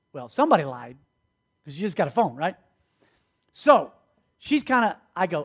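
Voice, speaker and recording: A man's voice: sits high, normal speed, pauses often. A man preaching a sermon, telling stories and acting out the dialogue in different voices. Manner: animated, acts out dialogue in voices. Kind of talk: sermon storytelling.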